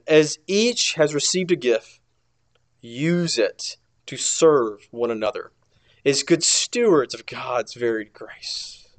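A man preaching a sermon as an archdeacon, emphatic, swinging between loud declarations and hushed near-whispers. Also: fairly high pitch.

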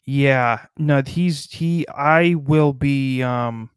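A man's voice: mid-range voice, clean tone, dry recording, studio quality. A man co-hosting a podcast in casual comedic chat, riffing and swearing freely. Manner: riffing, profane, does quick mock voices. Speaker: podcast co-host.

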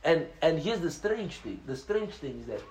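A man preaching with an animated, swooping high voice. He repeats words and chuckles mid-sentence as he tells the story. The room around him rings with echo. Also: moderate pace. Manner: excitable, repeats words, laughs while talking.

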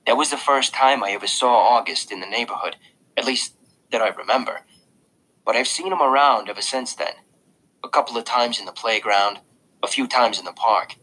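Male audiobook reader, casual and confiding, lively delivery with a bright, slightly husky tone. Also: mid-range voice, poor audio. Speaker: audiobook narrator. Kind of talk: first-person audiobook narration.

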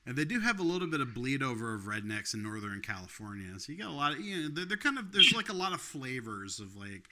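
Bright-voiced rambling podcast man. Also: mid-range voice, big pitch swings, fast talker. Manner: rambling, filler-heavy, laughs often. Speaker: podcast co-host. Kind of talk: casual chat.

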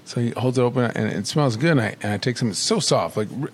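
A man's voice: medium pitch, quick pace, slight background noise. A man co-hosting a casual chat show, telling a long, rambling story and acting out other people's voices. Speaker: podcast co-host.

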